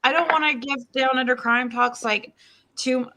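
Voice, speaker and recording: A woman's voice: high voice, moderate pace, sharp tone, a little hiss or hum. A woman hosting her own livestream, talking in a hesitant, stumbling way. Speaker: channel host. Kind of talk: casual livestream chat.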